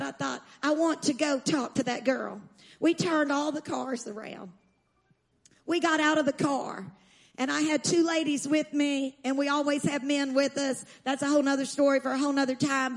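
A woman preacher telling a story in a sermon, emphatic and slowing down to stress key lines, calling on the audience to respond. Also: high voice, creaky. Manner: urges the audience to respond aloud.

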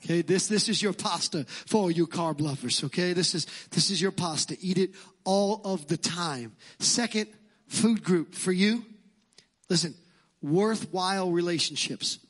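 A man's voice: high-pitched, measured pace. A male pastor with a Brooklyn accent preaching a sermon in church, emphatic and fond of repeating phrases.

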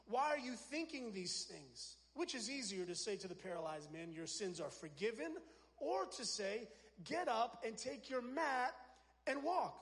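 A man preaching a sermon as pastor, energetic, swinging between loud shouted lines and soft drops. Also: extremely high pitch, measured pace, vocal fry, long reverb tail. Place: church sanctuary.

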